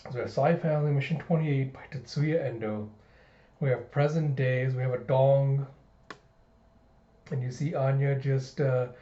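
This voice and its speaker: A man hosting a reaction video, reading aloud in a casual, animated way and laughing often. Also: mid-range voice. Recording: dull echoey room recording.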